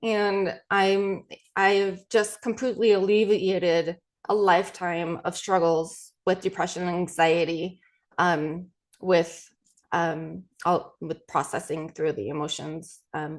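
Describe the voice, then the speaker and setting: Gentle woman repeating tapping affirmations. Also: on the low side. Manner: gentle, repeats affirmations slowly with many ums. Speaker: podcast host and EFT coach.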